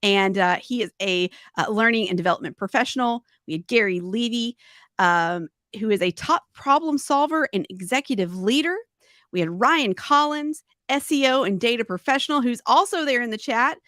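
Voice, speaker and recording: A woman's voice: a little high, expressive, moderate pace, a bit bright, no room sound, studio quality. Giggly woman podcast co-host. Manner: giggly, reading off a list of guests. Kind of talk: casual live-stream chat.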